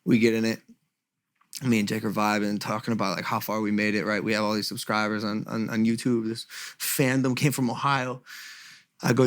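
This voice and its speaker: A young man in casual chat, telling an animated story and swearing freely as a guest. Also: on the low side, fairly quick, clean tone.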